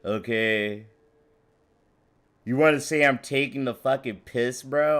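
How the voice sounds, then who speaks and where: A man's voice: medium pitch, slow, long pauses, fairly bright tone, smooth. A man from the United States commentating on a live stream, ranting at chat in a profane, rambling, confrontational way. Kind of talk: heated live-stream rant.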